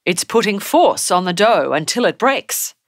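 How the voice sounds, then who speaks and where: A woman's voice: medium pitch, big pitch swings, measured pace, no room sound, studio quality. A woman voicing a cheerful, encouraging dad who is teaching his young son. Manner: encouraging, praising.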